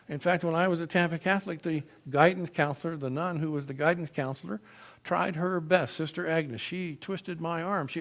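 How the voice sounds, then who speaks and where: A man from Florida telling his personal testimony in church, in an animated, emphatic storytelling manner. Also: fairly high pitch, normal speed.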